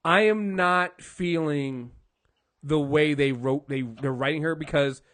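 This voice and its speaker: A man's voice: a little high, slow. A man co-hosting a casual podcast chat about a TV show, ranting and acting out quotes from the characters. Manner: animated, rants with acted-out quotes of characters. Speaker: podcast co-host.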